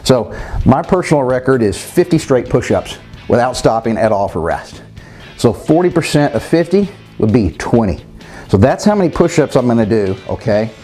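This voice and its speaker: A man's voice: medium pitch, big pitch swings, moderate pace, dark tone, soft background music. A man giving workout instructions, talking straight to viewers and counting reps aloud, winded between sets. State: winded while exercising. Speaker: fitness trainer.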